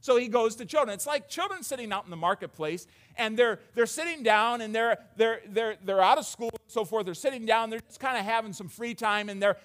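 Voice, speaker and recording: A man with a notably high voice preaches a sermon to his congregation. He talks in a loose, conversational way, stumbling and repeating words as he goes. His delivery swings between quiet, low passages and raised, excited ones. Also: fairly quick, few pauses.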